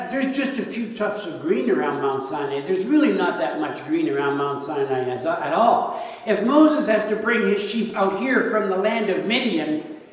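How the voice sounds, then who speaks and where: Higher-voiced pastor in an echoey hall. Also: male voice. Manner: conversational, asks rhetorical questions. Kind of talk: sermon. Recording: echoey hall, mic at a distance.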